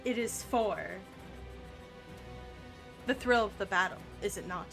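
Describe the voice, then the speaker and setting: A fierce, weary mother dragon , as a woman game master puts her on, speaks in low, grave, clipped lines. The pace is slow and heavy. Soft music plays behind. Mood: grim.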